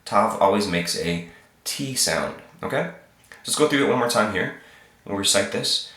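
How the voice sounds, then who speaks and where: A man with a very low voice and a cold that roughens it, teaching slowly and patiently. He repeats each sound and keeps checking in with the listener. The room around him rings with echo. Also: animated, bright, forceful tone. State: sick, slightly hoarse. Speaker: Hebrew teacher. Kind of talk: informal alphabet lesson.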